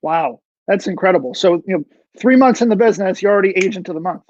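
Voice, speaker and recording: A man's voice: high voice, fast, a little mellow, dull audio, slight background noise. A man hosting an interview show, easygoing and loose, with many fillers as he asks his guest questions. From New York. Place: video call.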